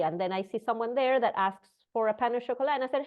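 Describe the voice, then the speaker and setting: A woman's voice: on the high side, phone-quality sound. Woman teaching a breathing class. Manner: storytelling with acted dialogue, halting restarts.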